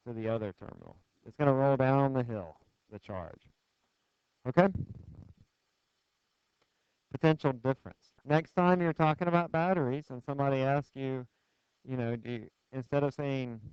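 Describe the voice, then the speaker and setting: A man's voice: mid-range voice, moderate pace, pauses often, smooth, no room sound. Man, physics lecturer, conversational and joking, lo-fi classroom screencast audio, dry sound. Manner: conversational, asks the class questions and jokes. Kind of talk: classroom lecture with clicker questions. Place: lecture hall.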